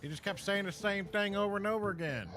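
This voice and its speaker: A man's voice: high-pitched, fast, a bit bright, soft background music. A man streaming a game, chatting with teammates in a folksy, mock-polite way. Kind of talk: casual gaming commentary.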